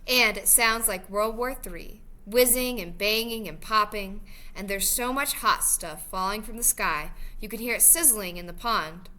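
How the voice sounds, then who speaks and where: A woman reading a novel aloud in an expressive, lively storytelling manner. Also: mid-range voice, unhurried, few pauses. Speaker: reader.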